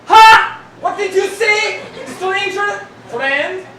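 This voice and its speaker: A man playing a hard-of-hearing Russian-accented man in live improv, shouting and mishearing in broken English. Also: extremely high pitch, very slow, very noisy, exaggerated voice. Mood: bewildered. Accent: put-on Russian. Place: small comedy club stage. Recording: echoey club from far off.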